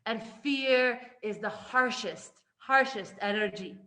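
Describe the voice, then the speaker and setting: A woman giving an animated spiritual lesson, emphatic and full of restarts, swinging between loud and hushed. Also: on the high side, slow pace. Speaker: Torah teacher.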